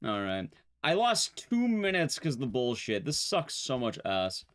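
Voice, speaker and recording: A man's voice: medium pitch, huge pitch swings, moderate pace, a bit bright. A man streaming a speedrun, rambling casually and profanely to his chat. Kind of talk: casual live-stream commentary while gaming. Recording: game music behind.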